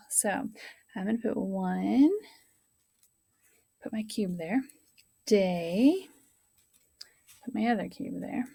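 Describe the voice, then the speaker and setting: A woman teacher modeling a writing lesson for young children, talking slowly and sounding out words and counting aloud. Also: on the high side, vocal fry, mellow, dry recording.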